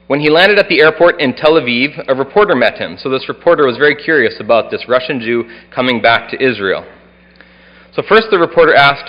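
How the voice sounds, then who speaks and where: A man's voice: medium pitch, animated, brisk. A man preaching a Sunday sermon as pastor, earnestly reading scripture aloud with some expression. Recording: dull sound with long hall reverb.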